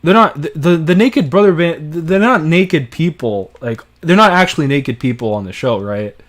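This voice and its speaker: A man's voice: on the high side, expressive, normal speed. A young man giving casual, off-the-cuff commentary on a live stream, swearing now and then and reacting with disbelief.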